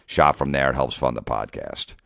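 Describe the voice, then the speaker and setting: A middle-aged comedian rants in a profane, exasperated monologue, replaying old arguments in quick back-and-forth. His voice sits extremely low. The sound is dry and close, with no room around it. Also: creaky, fairly bright tone, no echo. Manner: profane, exasperated, re-enacts conversations. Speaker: comedian podcast host. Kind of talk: ranting monologue.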